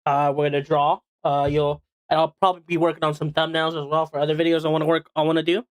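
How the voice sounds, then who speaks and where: A man's voice: fairly high pitch, little pitch movement, fast talker, smooth, dry recording, clean studio sound. A man streaming and chatting casually while eating, rambling with lots of fillers and restarts. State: hiccuping.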